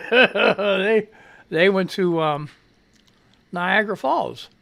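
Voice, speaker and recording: A man hosting a casual live radio show, rambling loudly and swearing freely from a home studio. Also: high-pitched, drawn-out words, creaky. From United States.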